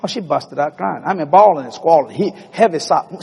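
Man, preacher, gravelly, high lively voice, echoey hall. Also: a little fast, lo-fi sound. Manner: folksy, animated, acts out dialogue. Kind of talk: storytelling sermon.

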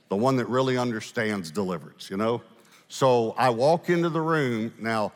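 A man preaching a storytelling sermon, animated, with fast asides and slow dramatic pauses. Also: mid-range voice. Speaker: pastor. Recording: echoey hall, live sermon.

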